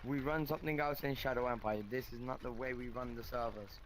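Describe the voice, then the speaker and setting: A man's voice: mid-range voice, fairly even intonation, a little fast, slight background noise, rough recording. A young man in game voice chat, insisting stubbornly on rank and rules. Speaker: game player.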